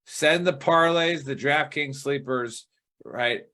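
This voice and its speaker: A man's voice: on the high side, slow pace, pushed and bright. Rambling man hosting a betting show. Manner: rambling, swears casually. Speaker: show host. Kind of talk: casual podcast chat.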